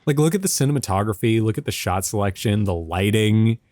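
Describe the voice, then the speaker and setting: A man's voice: fairly low pitch, lively intonation, fairly quick, darkish tone, dry recording. A young man co-hosting a casual film commentary, joking around and now and then slipping into a silly Southern drawl. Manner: jokey, riffs with put-on Southern drawl bits.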